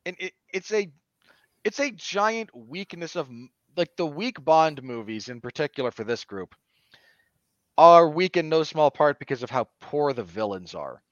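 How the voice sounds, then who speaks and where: Animated, opinionated man reviewing films. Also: on the high side, normal speed, no room sound. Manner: animated and opinionated, with sudden emphatic jumps. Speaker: podcast co-host. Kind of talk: casual film review chat. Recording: dull, dry lo-fi podcast audio.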